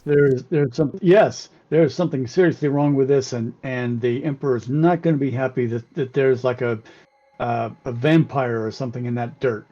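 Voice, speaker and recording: A man playing a tabletop game talks haltingly and stumbles over his words. His voice is warm and mellow. The recording has a dull lo-fi sound. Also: mid-range voice. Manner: hesitant, halting, full of ums. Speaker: player. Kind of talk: casual tabletop play.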